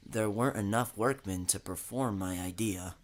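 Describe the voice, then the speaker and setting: A man voicing a brave, steadfast old male steam engine who speaks calmly and politely. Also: lowish voice, moderate pace, natural voice.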